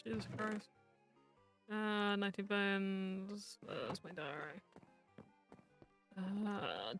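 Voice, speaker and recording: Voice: mid-range voice, slow, long pauses, pushed and bright, soft background music. A VTuber streamer in casual live-stream chat while gaming, rambling, teasing friends and muttering to themself.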